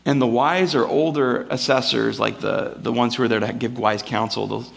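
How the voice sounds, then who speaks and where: Pastor guy giving a chatty sermon, gravelly voice, lots of "like"s, does little voices for his stories. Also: medium pitch, steady tone, normal speed. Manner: casual, rambling, acts out quoted voices. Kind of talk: conversational sermon. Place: church before a live congregation.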